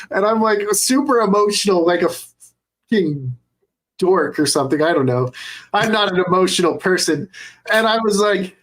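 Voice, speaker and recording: A young adult man co-hosting a podcast in casual chat, excitable and cursing freely as he retells scenes. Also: high voice, normal speed. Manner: excitable, swears a lot while retelling scenes. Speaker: podcast co-host.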